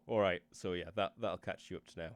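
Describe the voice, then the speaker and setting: A man's voice: low-pitched, fairly even intonation, a little fast, dry recording. A man, running a tabletop game and casually recapping the story. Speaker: game master.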